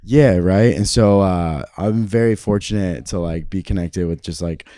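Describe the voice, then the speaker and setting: A man's voice: sits low, normal speed, warm tone, no room sound. A young man, an actor guest on a podcast, talking loosely with lots of fillers and swearing. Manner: rambling, heavy on fillers and swearing. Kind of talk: casual podcast conversation.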